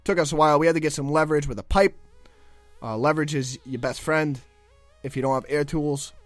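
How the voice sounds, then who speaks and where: A man's voice: a little high, a little fast, no room sound, soft background music. A young man, a guest commentator, chatting casually over gameplay footage and stumbling over his words as he rambles.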